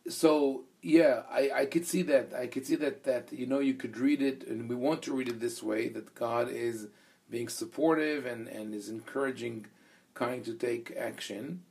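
A man's voice: medium pitch, normal speed, a little mellow. A man teaching a Bible discussion in an earnest, thoughtful way, telling anecdotes and quoting Hebrew. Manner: reads a Hebrew verse aloud. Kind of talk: conversational teaching.

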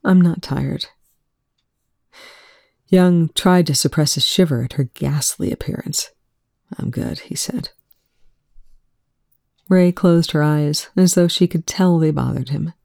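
A woman reads fiction aloud, slow and soft-spoken. Her low voice has a gravelly fry and a dark, mellow tone. The sound is close and dry. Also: no echo. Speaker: fan fiction reader. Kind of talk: reading fiction aloud, then casual commentary.

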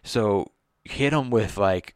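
A man's voice: on the low side, slow, smooth. Blunt man coaching casually. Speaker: comedian giving advice. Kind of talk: casual chat.

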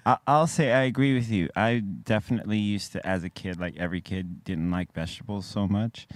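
A man chatting on a podcast, jokey and quick to laugh and react. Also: fairly low pitch, dry recording. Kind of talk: casual chat.

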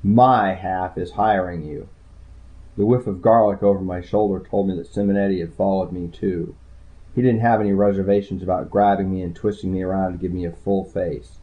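A man narrating a hardboiled crime story in the first person, with a dry, low-key delivery. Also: fairly even intonation, fairly quick. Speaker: audiobook narrator. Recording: tinny phone-like sound.

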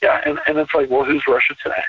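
A man talking as a podcast guest in a relaxed conversational interview, emphatic and repeating phrases to drive points home. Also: medium pitch, fast, a crowd in the background. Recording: distant, tinny phone-line sound.

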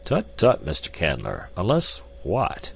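A man's voice: sits low, wildly swooping pitch, unhurried, vocal fry, a little hiss or hum, full character voice. A man reading an audiobook, voicing a fussy, absent-minded old male professor who clucks "tut, tut".

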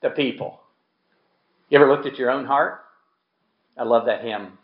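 A man preaches a sermon in a conversational way, throwing rhetorical questions at his listeners and acting out little quotes. His voice sits a bit high and swings widely in pitch. The sound is roomy and slightly dull, as if recorded in a church. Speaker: pastor.

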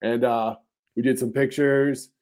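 A man's voice: mid-range voice, steady tone, unhurried, darkish tone. A man, co-hosting a podcast and telling rambling, profane stories that act out the people he quotes. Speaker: podcast host. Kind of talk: casual storytelling chat.

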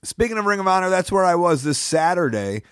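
Guy with a cold hosting his podcast from home, kinda high voice, dry close sound, rambly and chatty. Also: very animated, a little fast, fairly bright tone, clean tone, dry recording. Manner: chatty, rambling, upbeat plugs. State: sick with a cold. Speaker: podcast host. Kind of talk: casual podcast monologue. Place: studio apartment.

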